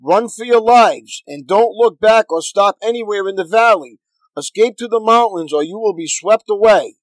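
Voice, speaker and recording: A man's voice: sits high, animated, measured pace, no room sound, rough recording. A man reading aloud as an angel messenger, urgent and insistent, giving commands.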